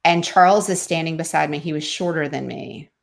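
A middle-aged woman with a low-pitched voice tells a personal story in an interview. She speaks earnestly and lets her voice fall to a hush at the tender moments. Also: fairly quick, gravelly. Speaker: speaker and author on homeschooling.

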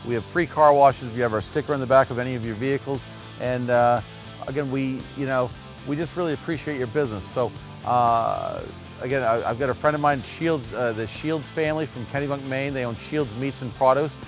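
A man's voice: mid-range voice, expressive, fairly quick, faint music behind. A man hosting a local TV car-sales show at a dealership, chatty and folksy, with many fillers.

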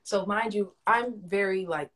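A young woman co-hosting a casual phone livestream, telling a personal story in an animated way with big swings in loudness. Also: mid-range voice, a little slow. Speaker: livestream co-host.

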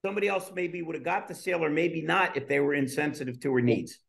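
A man's voice: fairly high pitch, fairly even intonation, fast talker, vocal fry, a bit bright. A middle-aged man co-hosting a casual chat, who talks in a rhetorical, coaching tone. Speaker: podcast co-host.

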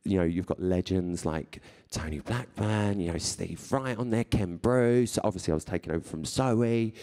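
A man's voice: sits low, moderate pace, few pauses, warm tone. A man in his thirties, a presenter, talking live to an audience in a chatty, playful way and laughing often. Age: 30s. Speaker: radio and TV presenter. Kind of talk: live talk to an audience, reading tweets aloud. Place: live event before an audience.

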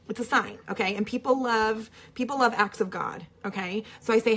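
Upbeat woman at home coaching her team, rapid and chatty, a touch high. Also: a bit bright. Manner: bubbly, chatty, peppered with "okay?". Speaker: network marketing coach. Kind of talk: casual coaching to camera. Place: at home with children nearby.

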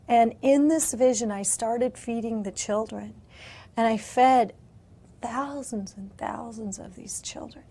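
A woman's voice: a little high, gravelly, darkish tone, slightly rough. A middle-aged woman missionary giving a spoken testimony, emotional, often dropping into whispers. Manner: emotional, drops into whispers at tender moments.

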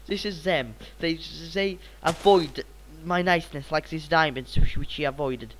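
A teenage boy, sounding a little sick, narrating his gameplay in a rambling, excitable way with sudden bursts of repeated exclamations. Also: a little high, normal speed, few pauses, slight background noise, poor audio. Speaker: gaming channel host. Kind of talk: gameplay commentary.

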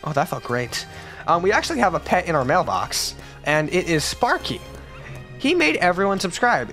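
Excitable young man with a lively voice. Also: high-pitched, moderate pace, soft background music. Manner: excitable, rambling and jokey, with sudden squeals. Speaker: gaming YouTuber. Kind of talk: gaming commentary.

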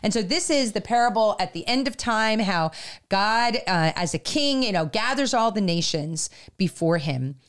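A middle-aged woman co-hosting a faith podcast, talking in a halting, earnest way with many fillers, at times near tears. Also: medium pitch, lively intonation. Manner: halting, filler-heavy, growing emotional and earnest. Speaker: podcast co-host. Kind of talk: faith-based casual podcast talk.

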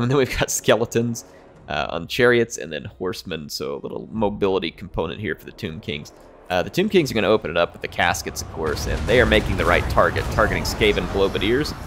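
A man giving casual, explanatory commentary over a strategy game battle replay, with plenty of fillers. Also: deep voice. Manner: relaxed, explanatory, frequent fillers.

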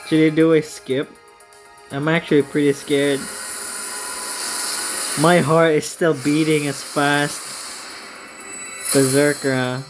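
A woman's voice: low voice, little pitch movement, slow, pauses often, over music, poor audio. A woman hosting a gaming video, giving casual commentary on her game pulls in an anxious, pleading, dramatic way.

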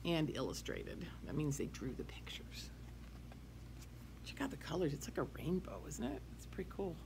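A woman preschool teacher reading a picture book aloud to young children, in an animated sing-song way with hushed whispered asides. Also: low voice, normal speed, creaky.

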